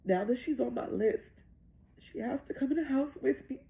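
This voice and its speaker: A woman voicing a casual, persuasive male devil in her own gravelly voice. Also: high voice, normal speed, mellow, pitched above the performer's own voice, low-quality recording.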